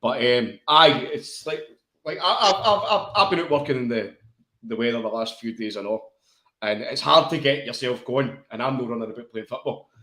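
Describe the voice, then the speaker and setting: A man's voice: mid-range voice, moderate pace, bright, forceful tone. A man with a Glaswegian Scottish accent co-hosting a football podcast, talking in blunt, sweary banter. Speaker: podcast co-host. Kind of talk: casual football chat. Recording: echoey room.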